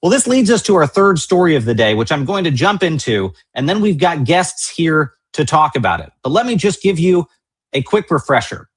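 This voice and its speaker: A man anchors a political news show with indignant, emphatic commentary. His voice sits a bit high and swings widely in pitch. There's a husky edge to his tone. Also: big pitch swings, moderate pace. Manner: indignant, emphatic, repetitive rhetoric.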